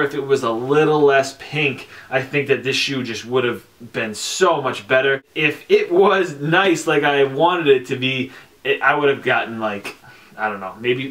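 A young man talking casually on camera about his sneaker collection, chatty and relaxed, with lots of fillers and slang. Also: medium pitch. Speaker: sneaker vlogger. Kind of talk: casual product review.

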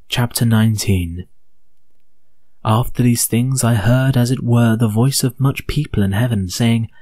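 A man with an English accent narrating an audiobook of scripture in a solemn, measured, deliberate reading. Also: on the low side, darkish tone, no echo.

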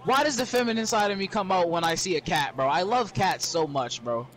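A young man chatting loosely while gaming, his pitch leaping around as he talks. He stays laid back and heavy on slang. A steady hum of background noise sits under his voice. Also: fairly quick. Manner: laid-back slang, says "bro" constantly. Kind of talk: casual gaming chat.

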